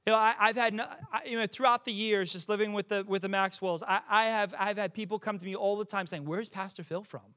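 A man's voice: high voice, fast talker, few pauses. A young man from New Jersey with a New Jersey accent, preaching a sermon and telling stories with frequent restarts. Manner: animated storytelling with frequent restarts. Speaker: pastor.

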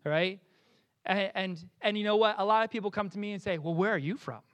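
A man's voice: sits high, fairly quick, clear, resonant tone. A young man from New Jersey with a New Jersey accent, preaching a sermon and telling stories with frequent restarts. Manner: animated storytelling with frequent restarts. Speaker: pastor.

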